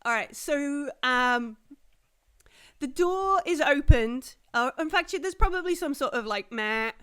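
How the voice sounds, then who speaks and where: A woman's voice: sits high, expressive, unhurried, pushed and bright. A woman running a tabletop game as game master, rambling with fillers while describing scenes. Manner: rambling, many fillers and restarts, acts out characters.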